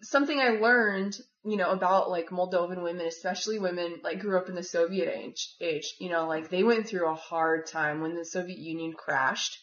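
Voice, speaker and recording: A woman's voice: fairly low pitch, normal speed, few pauses, fairly bright tone. Chatty woman rambling through a story. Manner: rambling, heavy use of "like" and "you know". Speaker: former volunteer living with a host family. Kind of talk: casual personal storytelling. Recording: dull, echoey room recording.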